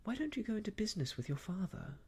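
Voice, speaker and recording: A man voicing a gentle, earnest young woman in a whispered role-play, speaking softly and sincerely. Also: sits high, big pitch swings, fast, husky, voice pushed up, full character voice. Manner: soft, sincere and quiet.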